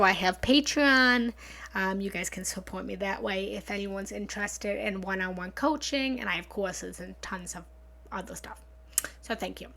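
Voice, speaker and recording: A woman with a creaky, mid-range voice and fairly bright tone hosts a live-streamed meditation talk from home. She reads viewers' comments and answers them in an earnest, chatty way, repeating herself often and thanking people, recorded via a studio mic and small soundboard.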